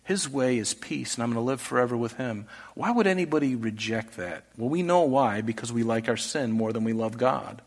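A man preaching an earnest sermon, posing rhetorical questions and swinging between loud, emphatic lines and soft, hushed ones. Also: medium pitch, normal speed. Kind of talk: expository sermon.

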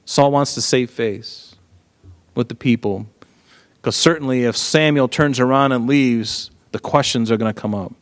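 A man's voice: mid-range voice, moderate pace. Give me a man giving conversational Bible teaching, earnest and informal. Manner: earnest, frequent "right?" asides and restarts.

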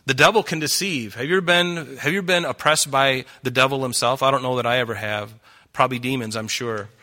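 A man's voice: medium pitch, a little fast, sharp tone. A middle-aged man preaching a sermon, earnest and pleading, his voice rising for emphasis.

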